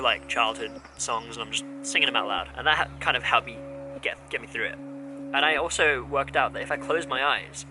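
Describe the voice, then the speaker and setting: A man's voice: medium pitch, rough recording. A man in his twenties telling a rambling, candid story in a casual vlog. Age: 20s. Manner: rambling, candid, rant-prone. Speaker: vlogger.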